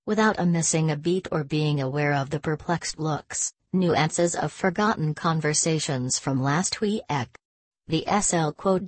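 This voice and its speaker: A woman reading a written text aloud in a deadpan way, speaking the punctuation marks as words. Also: deep voice, dry recording.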